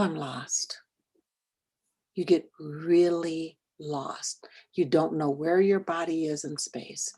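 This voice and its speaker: Husky-voiced woman telling a story to a workshop. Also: deep voice, darkish tone. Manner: storytelling, often dropping to a whisper for quoted thoughts; addresses the audience directly with questions. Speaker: educator leading a workshop. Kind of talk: workshop talk with personal storytelling.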